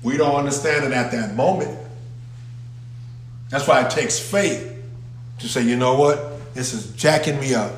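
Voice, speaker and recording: Speaking at medium pitch, unhurried and with long pauses, a pastor preaches emphatically to a congregation in a church sanctuary and calls out questions to them. The echoey recording carries a little hiss or hum.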